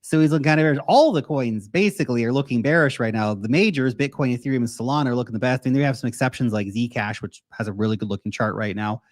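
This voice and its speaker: A man's voice: medium pitch, quick pace, hardly any pauses. A man in his thirties from the United States, hosting a casual livestream Q&A and answering viewers' questions in a blunt, profane, emphatic way. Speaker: crypto livestream host.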